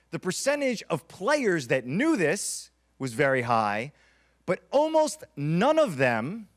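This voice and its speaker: A man's voice: extremely high pitch, fairly bright tone. A man in his thirties giving a motivational keynote, telling stories dramatically and repeating key lines for emphasis. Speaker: keynote speaker.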